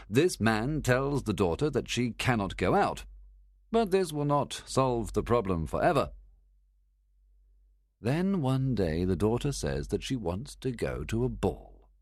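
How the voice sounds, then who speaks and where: Brief: assured detective for an audiobook, measured, lively intonation, dry close sound, a man doing the voice. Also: medium pitch, no echo, voice pushed up. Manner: measured, quietly assured explaining. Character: calm, confident older male detective. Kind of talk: audiobook reading.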